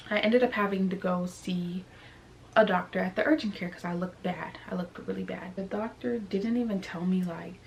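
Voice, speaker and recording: Speaking in a voice on the low side, a chatty young vlogger shares a casual storytime with plenty of animation. Her talk is packed with "like" and "you know what I'm saying," and a little background noise can be heard.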